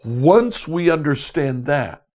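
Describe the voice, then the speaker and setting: A man teaching a Bible study in a deliberate way, repeating key questions for emphasis. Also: on the high side, big pitch swings, a little mellow. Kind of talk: scripture teaching talk.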